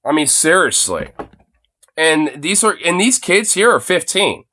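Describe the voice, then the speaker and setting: A man's voice: fairly high pitch, sing-song, unhurried, bright, forceful tone, no echo. A man in his late twenties livestreaming an angry, profane rant into a phone, packed with fillers like "you know" and "dude". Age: late 20s. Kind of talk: angry ranting monologue.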